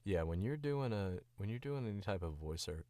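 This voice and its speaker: A man's voice: lowish voice, lively intonation, fairly quick, mellow. A tired, sick man chatting casually on a stream, rambling in a laid-back way with the odd swear, close to his mic. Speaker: voice actor streaming.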